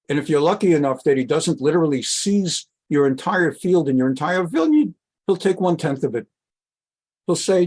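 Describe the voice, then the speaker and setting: A man rabbi giving a Bible study class, reading Hebrew verses and explaining them with animated, emphatic delivery. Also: breathy edge. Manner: animated, voice leaps up high for emphasis; winds down quieter for announcements. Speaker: rabbi teaching a weekly class.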